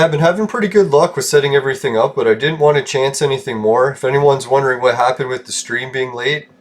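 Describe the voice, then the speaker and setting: A young man rambling casually as a gaming streamer, with a mumbling voice, self-mocking asides and frequent chuckles. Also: medium pitch. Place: home room with painted walls.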